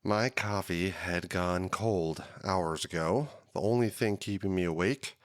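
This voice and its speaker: A man hosting a podcast, telling his own story in a dramatic, drawn-out hardboiled detective style. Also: low-pitched, no room sound, studio quality. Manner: dramatic, drawn-out noir delivery. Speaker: podcast host.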